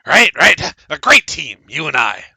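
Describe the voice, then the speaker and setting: A man voicing a boastful, paranoid, excitable male halfling who brags and stammers. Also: a little high, creaky, breathy edge, no room sound, voice pushed up, full character voice. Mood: wheedling. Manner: bragging, fast, stammering.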